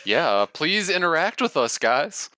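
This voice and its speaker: A man's voice: a little high, sing-song, unhurried, pushed and bright, dry recording, studio quality. A man co-hosting a casual gaming podcast, friendly and earnest. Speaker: podcast co-host.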